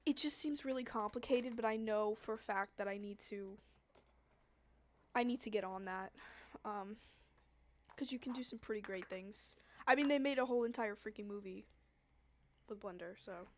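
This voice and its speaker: A woman's voice: medium pitch, normal speed, pauses often. A young woman chatting casually with her viewers while she draws, rambling and laughing, her throat scratchy from coughing. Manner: rambling, laughs often, trails off. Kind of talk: casual chat while drawing.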